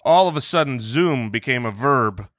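Bright-voiced man riffing on a podcast. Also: mid-range voice, moderate pace, no room sound, clean studio sound. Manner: animated, stammering restarts. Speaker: podcast co-host. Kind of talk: casual comedic chat. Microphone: remote call mic.

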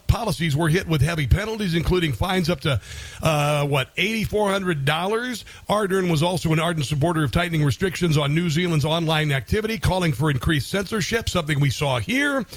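Male talk host, sarcastic and digressive, slightly high pitch, close dry mic. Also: a little fast, no echo. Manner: sarcastic, mocking, rambling with fillers. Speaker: radio talk show host. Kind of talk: conservative talk radio commentary.

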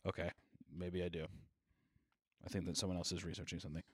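A young man co-hosting a podcast in casual chat, riffing and joking with lively swings into put-on quoted voices. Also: low voice, breathy edge, no room sound. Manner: animated, swearing, quick jokey riffs with put-on quotes. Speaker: podcast co-host.

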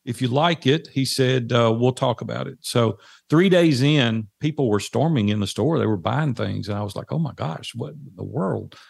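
A man's voice: medium pitch, moderate pace, creaky, hardly any pauses, no echo. A man in his forties telling a personal story in an earnest, plain conversational way, with frequent fillers.

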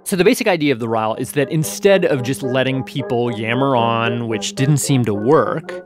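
A man's voice: medium pitch, moderate pace, music in the background. Male podcast host, casual narrator, mid-range voice. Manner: casual, conversational storytelling. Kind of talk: scripted documentary narration.

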